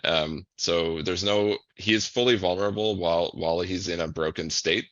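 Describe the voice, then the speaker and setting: A man with a very low voice explains how game abilities work, stopping often to rephrase. The clip sounds dull and lo-fi, and the sound is dry. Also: moderate pace, fairly bright tone, no room sound. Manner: hesitant, many ums and restarts. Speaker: game developer interviewed. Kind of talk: explaining game mechanics in an interview.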